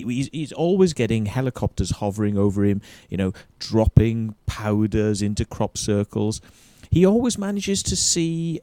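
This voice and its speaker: A man's voice: medium pitch, warm tone, dry recording. A man hosting a show, ranting profanely and combatively as he comments on an interview clip. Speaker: show host.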